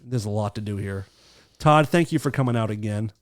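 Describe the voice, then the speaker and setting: A man's voice: lowish voice, a little fast. A man hosting a podcast in casual comedic chat, joking, profane and laughing often. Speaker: podcast host.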